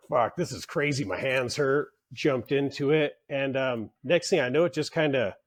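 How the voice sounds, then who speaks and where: A union leader guesting on a podcast tells work stories in a casual, animated interview, acting out the bosses he quotes and swearing freely. His voice sits at medium pitch.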